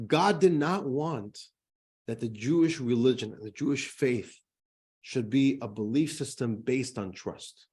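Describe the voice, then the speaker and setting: A man, a rabbi, teaching a class in a conversational, animated way, chuckling as he tells jokes. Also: mid-range voice, unhurried, husky. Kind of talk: lecture with jokes.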